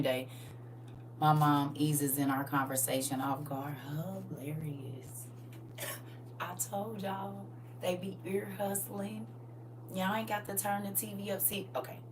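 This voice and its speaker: A middle-aged woman hosting a casual livestream, talking in a lively, folksy way to her viewers and sometimes dropping to a soft whisper. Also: low-pitched. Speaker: livestream host. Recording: distant mic with faint hum.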